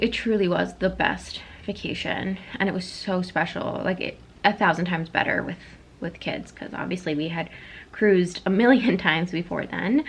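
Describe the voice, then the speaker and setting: A young pregnant woman chatting casually in a home vlog, rambling with lots of fillers and slightly out of breath. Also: mid-range voice. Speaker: vlogger and mother.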